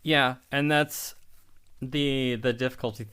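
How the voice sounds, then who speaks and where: A man's voice: mid-range voice, steady tone, slow pace, fairly bright tone, clean tone. A man co-hosting a podcast, chatting casually in a rambling way, with lots of restarts and filler words. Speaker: podcast co-host. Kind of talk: casual chat.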